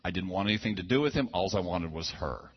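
A man preaches in a loose, folksy storytelling style, doubling back and tossing in asides. His voice sits low with a husky grain. The recording is a little dull and lo-fi. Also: animated, quick pace. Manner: folksy, conversational, frequent restarts and asides. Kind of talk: storytelling sermon. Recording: dull lo-fi sound.

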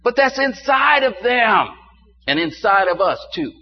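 Older male pastor, sermon delivery, quiet asides building to fervent exclamations; lo-fi church recording. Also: high voice, sing-song, a little slow. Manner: preaching to a congregation, swings from quiet to rising exclamations. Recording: dull muffled sound with faint hum.

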